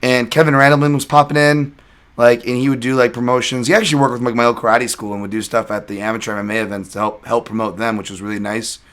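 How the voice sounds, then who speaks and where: A man hosts a loose, casual podcast and wanders through long anecdotes, laughing often. His voice is bright and forward at an ordinary middle pitch. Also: fairly even intonation, fast. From Chinese heritage. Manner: rambling, laughing storyteller. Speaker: podcast host.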